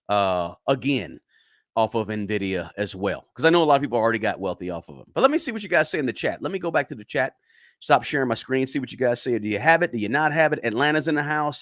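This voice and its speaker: A chatty man hosts a casual finance livestream. He talks straight to his viewers at a middle pitch and often repeats himself. The sound is dry and close, with no room around it. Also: a bit bright, dry recording.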